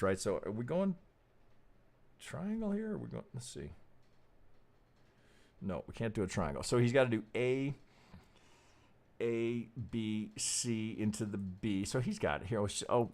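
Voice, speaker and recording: A man hosting a casual trading live stream, thinking aloud as he goes, swearing freely and asking "right?" again and again. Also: vocal fry. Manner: pitch jumps up when emphatic, drops low and soft when muttering.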